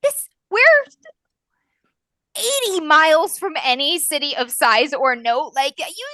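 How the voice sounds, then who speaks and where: A woman's voice: sits high, sing-song, takes it slowly, pushed and bright, no room sound, exaggerated voice. Woman playing a blunt, fed-up small-town woman. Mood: exasperated. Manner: blunt, exasperated arguing. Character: stubborn small-town woman defending the farm. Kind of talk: improvised tabletop role-play.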